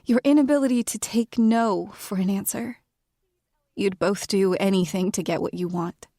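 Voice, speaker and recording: A weary, guarded young woman, played by a woman, speaks in a whispered role-play for a romance audio story. Her voice is breathy and dark-toned, held very close to the mic in a dry space. She stays hushed and quietly defiant. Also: medium pitch, normal speed, dry recording, natural voice. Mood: sharp. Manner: soft, hushed delivery.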